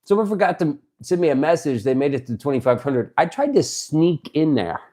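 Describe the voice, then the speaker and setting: Brief: excitable, joking male streamer. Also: fairly high pitch, a little fast. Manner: excitable, swearing, joking banter. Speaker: livestreamer. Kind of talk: casual livestream chat reading viewer messages.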